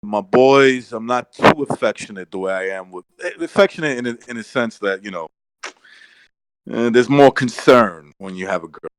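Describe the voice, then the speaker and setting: A man's voice: mid-range voice, expressive, normal speed, slight background noise, poor audio. A man co-hosting a podcast in casual chat, rambling, restarting his sentences and acting out what others said. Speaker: podcast co-host.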